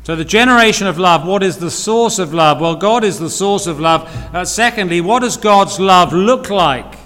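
A man's voice: sits high, expressive, moderate pace, fairly bright tone. A man preaching a sermon, earnest, repeating key phrases and asking rhetorical questions. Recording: long reverb of a hall.

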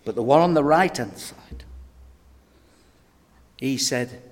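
A man's voice: mid-range voice, animated, a little slow, long pauses. Man preaching in an echoey hall. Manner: storytelling, direct address to the audience. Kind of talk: sermon. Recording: long hall reverb.

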